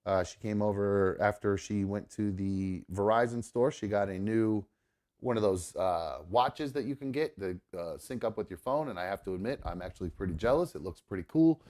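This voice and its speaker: A man's voice: fairly low pitch, normal speed, a little mellow. Rambling male talk-show host. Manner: rambling, many fillers. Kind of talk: casual storytelling on a live show.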